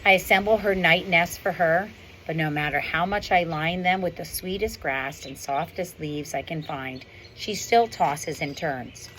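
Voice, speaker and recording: Woman reading a proud silverback gorilla with dry wit, low-voiced, storybook tone, faint wind behind. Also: unhurried, fairly bright tone. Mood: wry. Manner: wry, understated storybook narration. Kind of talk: reading a novel aloud. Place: outdoors on a windy day.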